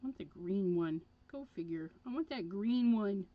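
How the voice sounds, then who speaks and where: A woman's voice: medium pitch, animated, moderate pace, no echo. A woman hosting a crafting livestream, chatting casually and rambling with frequent fillers as she works. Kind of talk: casual chat while crafting. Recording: dull lo-fi livestream audio.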